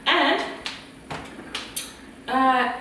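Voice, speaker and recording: A woman's voice: sits high, extremely slow. A young South African woman telling a personal story to camera, chatty and often laughing. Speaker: vlogger. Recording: echoey room with noise, far from mic.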